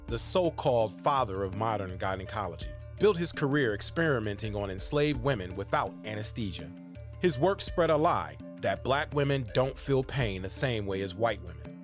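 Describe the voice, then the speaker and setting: Male documentary host, measured and earnest, mid-pitched, light music bed. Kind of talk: documentary narration and interview.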